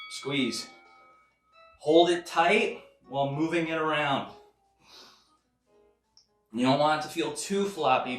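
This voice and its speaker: A man leading a live kung fu and tai chi workout class, counting reps with sharp exhaled breaths and chatting casually between exercises. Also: mid-range voice, echoey room, distant mic. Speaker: martial arts instructor.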